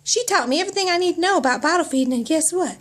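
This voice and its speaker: A woman's voice: very high-pitched, expressive, racing. A middle-aged woman, telling a comic personal story in a folksy, dramatic way.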